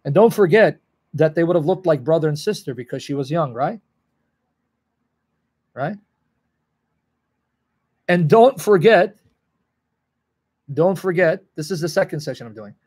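A man's voice: a little high, moderate pace, pauses often, darkish tone, husky. A man teaching the Bible on a livestream, earnest and emotional, answering viewers in the chat by name.

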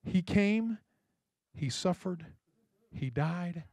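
A pastor delivers his sermon in a friendly, storytelling way and keeps turning to his listeners for a reply. He is a man whose voice sits a bit higher than most, and it is heard close and dry. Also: animated, extremely slow, darkish tone, dry recording. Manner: conversational storytelling, checks in with the congregation. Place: church.

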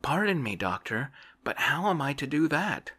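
A man voicing a dreamy, idle Russian gentleman in a whispered role-play, sighing and plaintive. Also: a little high, very animated, moderate pace, slightly rough, pitched above the performer's own voice, full character voice.

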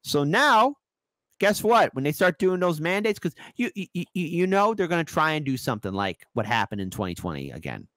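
A man ranting through political commentary in a lively, sarcastic voice that swings all over the place. His pitch sits a bit high for a man. The recording is close and dry, with no room sound. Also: normal speed, dry recording. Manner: animated, sarcastic, mocking voices.

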